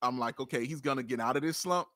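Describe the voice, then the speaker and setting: A man co-hosting a casual sports podcast, excitable, laughing often and repeating himself as he talks. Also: mid-range voice, fast talker, no echo, studio quality. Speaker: podcast co-host.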